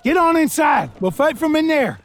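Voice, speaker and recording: A man's voice: very high voice, sing-song, normal speed, pitched above the performer's own voice. A man narrating a western audiobook voices a tough, plainspoken male frontier fighter who drawls his words. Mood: urgent.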